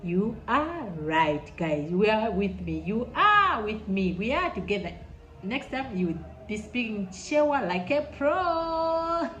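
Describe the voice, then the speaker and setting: A woman from Malawi with a Malawian accent, teaching a language lesson in an enthusiastic way and repeating words slowly for learners. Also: on the high side, big pitch swings, a bit bright, lo-fi sound. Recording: echoey room with faint noise.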